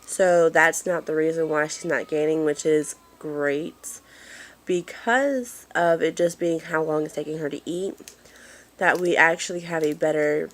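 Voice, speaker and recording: A woman's voice: sits low, fairly even intonation, a little slow. Apologetic mom rambling to her phone. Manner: apologetic, rambling with many fillers. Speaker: mother giving a family update. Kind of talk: casual vlog chat. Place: dim room at home during a move. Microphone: handheld phone.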